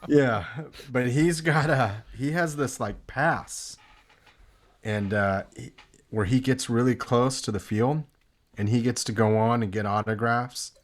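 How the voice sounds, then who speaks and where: A man's voice: medium pitch, unhurried. Male podcast host, easygoing anecdote teller. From Santa Cruz area, California. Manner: animated anecdote teller, acts out quoted voices. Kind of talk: casual chat, storytelling.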